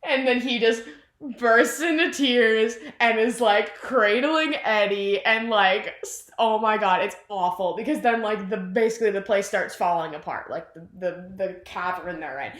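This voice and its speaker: Young woman, casual storyteller, rambling and animated, mid-pitched, in an echoey room. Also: normal speed. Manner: rambling, animated, heavy use of "like", acts out quotes. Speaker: vlogger retelling a film plot. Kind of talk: casual chat.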